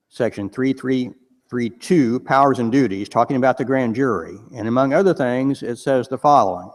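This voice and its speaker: A man lays out a legal argument to a live audience, slowing down to stress the words that matter. His voice sits in the middle of the range and trails a long reverb through a large hall. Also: medium pitch. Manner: deliberate, stresses key words. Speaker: attorney speaking at a panel event. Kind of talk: unscripted legal talk to an audience.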